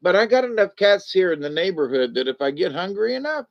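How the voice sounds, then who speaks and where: A man's voice: sits high, sing-song, quick pace, vocal fry, highs cut off. An older man, talking in a rambling, folksy monologue full of restarts and fillers.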